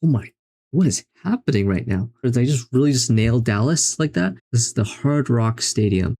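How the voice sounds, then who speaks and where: A man's voice: mid-range voice, lively intonation, normal speed, dark tone, husky. A young man hosting a gaming video, talking casually through daily geography puzzles in a self-mocking, exasperated way. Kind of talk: casual commentary while playing.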